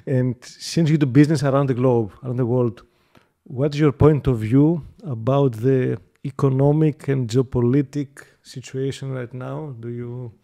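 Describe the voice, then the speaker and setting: A male interviewer with a mellow, dark-toned voice in a mid register. He asks questions in a casual way and keeps the talk going with short murmured responses. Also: mid-range voice, measured pace. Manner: brief backchannels, questions with light laughter.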